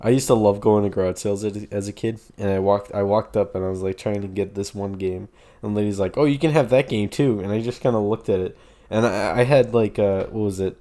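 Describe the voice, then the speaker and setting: A man's voice: fairly low pitch, little pitch movement, fairly quick, warm tone. A young man co-hosting a podcast, telling rambling stories in casual chat with lots of fillers and laughter. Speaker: podcast co-host.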